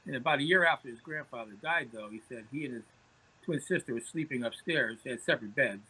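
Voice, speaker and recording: A man's voice: mid-range voice, fast talker, sharp tone, husky, low-quality recording. A man, a podcast guest telling anecdotes in conversation, often repeating words as he starts phrases. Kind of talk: storytelling in conversation.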